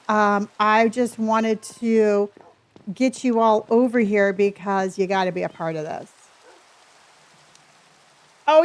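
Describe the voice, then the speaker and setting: High-voiced bubbly woman streamer. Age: middle-aged. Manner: bubbly, chatty, thanks viewers with bursts of excitement. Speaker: live streamer. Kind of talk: casual live-stream chat with viewers.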